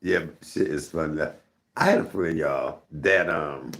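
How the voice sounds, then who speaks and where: A man's voice: a bass voice, a little slow, fairly bright tone. A middle-aged man hosting a live stream, telling rambling, candid stories and talking to his chat. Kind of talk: casual storytelling to viewers.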